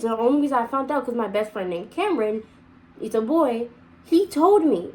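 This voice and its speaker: A young woman tells a personal story to her viewers in a loose, rambling way. She often circles back and restarts sentences. Her voice sits a little high. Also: animated, brisk, darkish tone, rough recording. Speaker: vlogger. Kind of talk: casual storytime.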